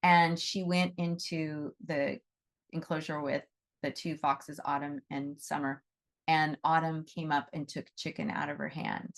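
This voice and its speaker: A woman's voice: sits low, steady tone, unhurried. A middle-aged woman giving a casual teaching talk to a class on animal Reiki. She is conversational and often checks in with "right?".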